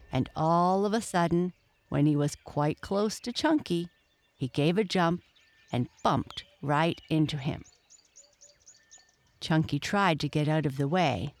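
Slow, measured children's storyteller. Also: medium pitch, dry recording. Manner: measured, addresses the listener. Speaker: narrator.

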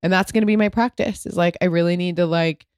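A woman's voice: on the low side, quick pace, a little mellow, dry recording, clean studio sound. A woman in her thirties hosting a solo podcast, talking frankly and emotionally, swearing freely and filling her speech with "like". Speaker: podcast host. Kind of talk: candid solo podcast talk.

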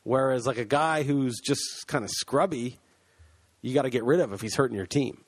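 A man's voice: medium pitch, moderate pace, slightly rough. A man co-hosting a podcast in casual chat, loose and rambling, laughing as he talks, recorded on a computer mic. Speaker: podcast co-host. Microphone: computer mic, remote call.

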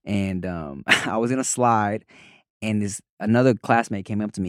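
A man's voice: on the low side, moderate pace, no room sound. A man hosting a podcast in casual chat, a laid-back, slangy storyteller who laughs often, recorded close on a studio microphone. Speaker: podcast host.

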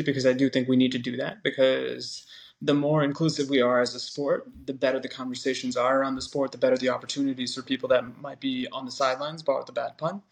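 Earnest man in a podcast chat. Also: medium pitch. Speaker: podcast co-host. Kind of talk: casual podcast discussion.

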